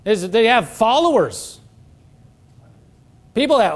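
A man's voice: extremely high pitch, very animated, a little slow, pauses often. A man teaching from the Bible in a conversational preaching style, earnest and full of rhetorical questions.

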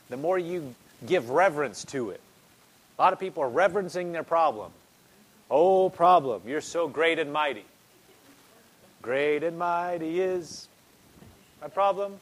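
A man's voice: sits high, poor audio. A man preaching a sermon in a conversational way, repeating phrases and building in intensity.

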